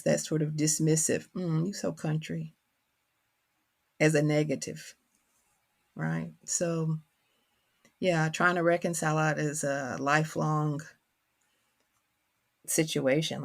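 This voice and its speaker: Speaking at a measured pace with long pauses, she has a low, flat voice touched by vocal fry. She's a middle-aged author from Kentucky with a country accent, thoughtfully searching for words in a reflective interview conversation.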